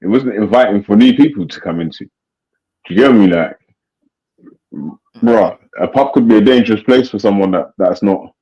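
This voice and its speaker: A man in casual, slangy, animated podcast chat. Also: lowish voice, moderate pace. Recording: dull lo-fi recording.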